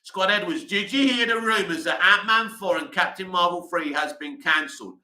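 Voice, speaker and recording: A man's voice: sits high, normal speed, bright, forceful tone, echoey room, low-quality recording. A man hosting a casual livestream, rambling chattily with lots of "you know" fillers as he answers viewer comments. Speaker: livestream host.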